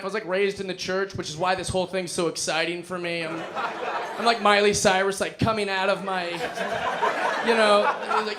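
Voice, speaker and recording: Stand-up comic, male, high voice, giggly storyteller, faint audience. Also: a little fast, crowd noise, background noise. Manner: excitable, laughing through his lines. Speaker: stand-up comedian. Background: audience laughter.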